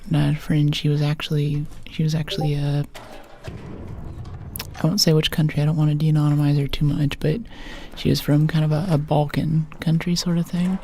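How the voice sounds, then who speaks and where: Slight background noise accompanies a US woman's soft, ASMR-style game stream, where she rambles playfully and often whispers. Her low voice is flat in delivery and moves at a moderate pace.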